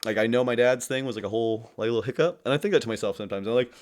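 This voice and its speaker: A young man who is a podcast guest, talking in a rambling, animated way with lots of fillers. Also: medium pitch, racing. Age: young adult. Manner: rambling, heavy use of fillers, animated storyteller. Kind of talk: casual interview chat.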